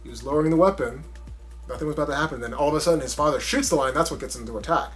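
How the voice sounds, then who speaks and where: Animated man reviewing a movie. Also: on the high side, very fast, faint music behind. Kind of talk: casual spoken review.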